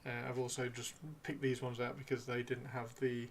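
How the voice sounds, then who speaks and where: A man's voice: mid-range voice, monotone, moderate pace, slight background noise. A man chatting casually on a live stream while painting miniatures, rambling and playfully teasing his chat.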